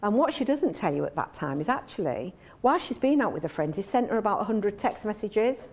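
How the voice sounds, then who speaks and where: A woman's voice: mid-range voice, sing-song, fairly quick, hardly any pauses, a little mellow. A woman, a domestic abuse trainer speaking earnestly to an audience and explaining patterns with examples. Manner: earnest, explanatory, acts out quoted dialogue.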